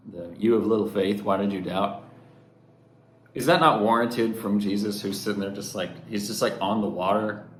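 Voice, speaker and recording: A man's voice: fairly low pitch, gravelly. A man giving an earnest, conversational devotional reflection, often restarting his thoughts. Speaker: devotional speaker. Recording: roomy echo, faint background noise.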